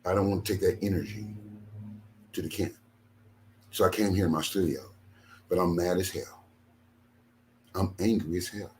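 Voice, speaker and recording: A little hiss or hum accompanies an older ministry leader venting in his home studio after a sleepless night. His low voice keeps fairly even intonation at a moderate pace with long pauses, as he goes on angrily, aggrieved, emphatic, and repetitive.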